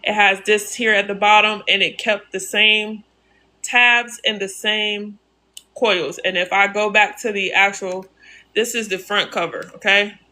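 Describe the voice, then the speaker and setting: Bright-voiced woman hosting a live tutorial. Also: mid-range voice, steady tone, measured pace. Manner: narrates each click, repeats steps, answers chat. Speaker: live-stream tutorial host. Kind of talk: casual live-stream software walkthrough.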